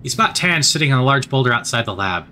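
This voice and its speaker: A man's voice: medium pitch, very animated, fast, sharp tone, slight background noise. A man reading a story game aloud as he plays, adding wry asides of his own. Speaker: narrator of a story game playthrough. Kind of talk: narrated playthrough.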